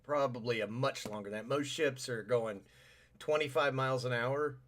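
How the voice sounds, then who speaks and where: A man's voice: medium pitch, normal speed, fairly bright tone. A man co-hosting a podcast in casual chat, wry and sarcastic about government. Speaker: podcast co-host.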